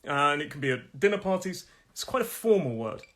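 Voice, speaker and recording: A man teaching English pronunciation on a live stream, friendly and chatty, laughing often and repeating words slowly for learners to copy. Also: a little high, sing-song, a bit bright.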